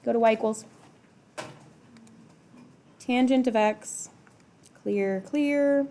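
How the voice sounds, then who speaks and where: A woman's voice: on the high side, slow pace, dark tone. A middle-aged woman teaching a math class in a classroom, talking casually, using "like" a lot and asking the students questions. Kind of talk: classroom lecture.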